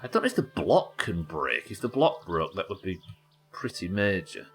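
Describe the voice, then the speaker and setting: Deep-voiced, animated streamer. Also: male voice, normal speed, faint music behind. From England. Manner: muttering to himself, thinking aloud. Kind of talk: live gameplay commentary.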